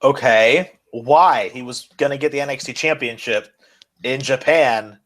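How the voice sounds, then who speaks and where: A man co-hosting a casual wrestling and sports podcast, excitable and rambling, swearing as he goes. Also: medium pitch, a little slow. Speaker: podcast co-host. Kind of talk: casual chat.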